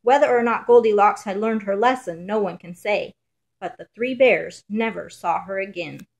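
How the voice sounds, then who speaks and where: A woman reading a children's fairy tale aloud in a measured, rhythmic storybook manner. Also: mid-range voice, vocal fry.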